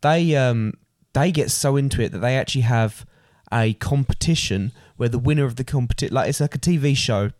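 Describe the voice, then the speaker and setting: Joking young son, dry sound. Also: male voice, medium pitch, a little mellow, no room sound. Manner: joking, teasing, quick interjections. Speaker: podcast co-host, son. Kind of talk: casual chat.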